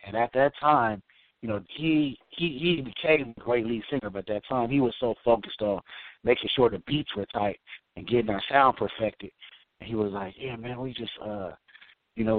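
A man's voice: fairly low pitch, a little hiss or hum. A middle-aged man from Oakland, a musician telling stories in a casual, laid-back way, peppering his talk with "man" and "you know". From Oakland, California. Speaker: musician guest. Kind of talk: casual storytelling interview. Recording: tinny phone-like line, dry.

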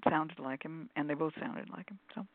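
A woman's voice: deep voice, moderate pace, no echo. Chatty laughing woman on a dry phone line. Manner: chatty, laughs often, goes off on tangents. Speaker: co-host of a call-in show. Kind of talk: radio call-in show chat.

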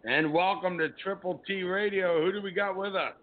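A man's voice: sits high, fairly even intonation, normal speed. A man with a Canadian accent, co-hosting a casual talk radio show and speaking in an upbeat, encouraging way. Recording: tinny phone-like sound.

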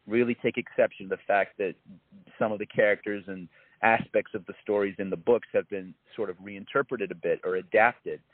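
A man's voice: fairly low pitch, fairly quick, no echo. A man, an actor from Canada, chatting easily in a casual interview over a video call, with plenty of fillers and restarts. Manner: easygoing, lively, full of fillers and restarts. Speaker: actor guest. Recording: tinny phone-like call audio.

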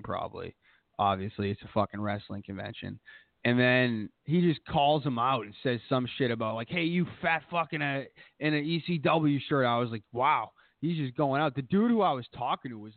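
A man's voice: medium pitch, dry recording. A man co-hosting a podcast, telling rambling stories in casual, profanity-heavy chat. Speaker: podcast co-host. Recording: tinny phone-like sound.

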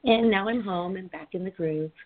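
Through tinny, phone-like audio, a middle-aged podcast host tells a story as casual chat, rambling and filling it with "like." She has a mid-range voice and talks at normal speed.

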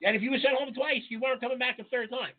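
A high-pitched, husky man, rattling off profane kitchen war stories at a quick clip. The sound is thin and tinny, like a phone line. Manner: profane, animated storytelling. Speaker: podcast co-host, chef. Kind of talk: casual chat, storytelling.

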